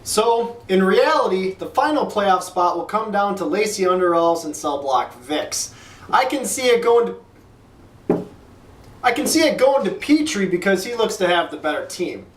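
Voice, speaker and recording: A man hosts a mock press conference in a crude, deadpan announcer manner, his voice sitting high for a man. The room sounds echoey, and he is heard from some distance off the microphone. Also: normal speed, a little hiss or hum. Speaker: league commissioner host.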